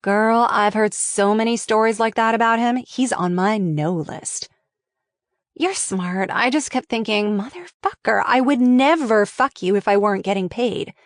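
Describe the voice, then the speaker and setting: A woman's voice: on the high side, a little slow, no echo, clean studio sound, lightly acted. A woman voicing a knowing, dismissive young woman talking with a friend, while reading a script aloud.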